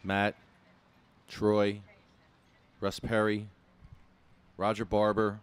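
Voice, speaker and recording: A man's voice: fairly low pitch, completely flat delivery, drawn-out words, clear, resonant tone. A man co-hosting a casual podcast, easygoing and given to repeating words as he starts. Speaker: podcast co-host.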